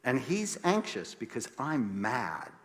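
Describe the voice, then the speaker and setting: A man, a psychiatrist, telling a story in a talk with animated delivery, acting out quoted voices and dropping soft and low at grave moments. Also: takes it slowly. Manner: emphatic, passionate.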